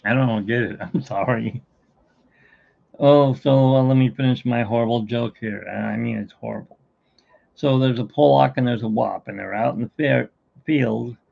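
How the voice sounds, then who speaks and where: A man's voice: medium pitch, normal speed, vocal fry, phone-quality sound. A middle-aged man hosting a live stream, chatting casually and telling jokes in a rambling, self-mocking way.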